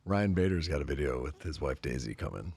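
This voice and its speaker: A man guesting on a podcast, telling profane stories with animated energy and frequent laughter. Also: rumbling low, brisk, slightly rough. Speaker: guest, company representative. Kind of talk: casual podcast chat.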